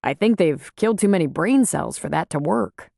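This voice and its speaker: A woman voicing a calm, plain-spoken man who runs a small-town bar, in an audiobook. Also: lowish voice, moderate pace, gravelly, no room sound, clean studio sound. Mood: steady. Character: Jack, male small-town bar owner, calm and steady.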